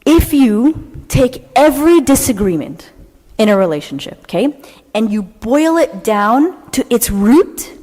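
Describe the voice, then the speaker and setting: Animated woman preaching in a hall. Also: a little high, unhurried. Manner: animated, dramatic, keeps asking "okay?"; jokey, self-mocking asides. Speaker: church speaker. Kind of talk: sermon talk. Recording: long hall reverb.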